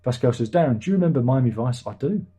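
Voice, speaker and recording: A man's voice: mid-range voice, animated, fast talker, warm tone, breathy edge. A middle-aged British man hosting a livestream, casually answering viewer chat with dry jokes and chuckles. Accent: British English. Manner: chatty, dry jokey asides, chuckles. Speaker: livestream host reading chat.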